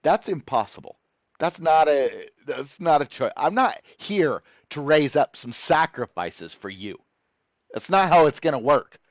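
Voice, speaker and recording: A man's voice: on the high side, very animated, unhurried, no echo, dull audio. A man ranting to the camera as host of his own channel, profane, sarcastic and exasperated.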